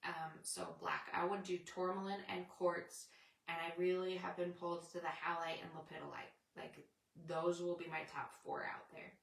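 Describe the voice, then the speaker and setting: A woman's voice: on the low side, flat delivery, normal speed, vocal fry, roomy sound, far from the mic. A woman hosting a casual, rambling spiritual chat with her viewers. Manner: rambling, chatty, reads out viewer comments. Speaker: spiritual livestream host.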